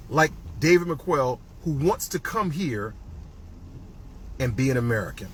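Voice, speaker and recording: A man hosting a heated talk from his car, ranting and swinging between loud jabs and muttered asides. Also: mid-range voice, expressive, a little slow, long pauses, low-quality recording. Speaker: executive director hosting a ride-along talk. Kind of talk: heated monologue recorded while driving. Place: inside a car. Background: faint vehicle noise.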